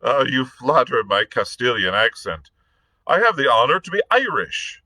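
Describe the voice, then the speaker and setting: A man's voice: mid-range voice, sing-song, moderate pace, sharp tone, dry recording, voice pushed up, exaggerated voice, low-quality recording. A man doing a sardonic Irish pirate captain. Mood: mocking. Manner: dry, mocking, self-assured. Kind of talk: read-aloud storytelling.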